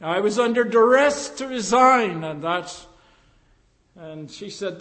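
An older male pastor preaches slowly, taking his time over each phrase. His voice sits fairly high for a man and swings between emphatic rises and hushed drops. The sound rings with the long reverb of a church hall. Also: animated. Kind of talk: sermon.

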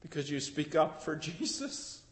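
An older man preaching a sermon with passion, swinging from hushed tones to shouts. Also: fairly high pitch, big pitch swings, unhurried, in a large hall.

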